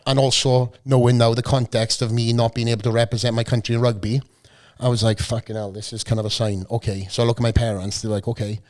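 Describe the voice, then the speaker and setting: Hoarse Welsh man telling swear-laced stories. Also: mid-range voice, level tone, quick pace, a little mellow. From South Wales. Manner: swearing, storytelling, joking. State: a bit hoarse from a cold. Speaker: guest. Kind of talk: casual chat. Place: podcast studio.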